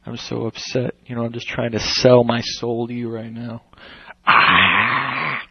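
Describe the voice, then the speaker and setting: A man's voice: mid-range voice, completely flat delivery, moderate pace, vocal fry. A young man hosting a livestream, chatting casually and telling rambling, profane stories, with dull lo-fi audio. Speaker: livestream host.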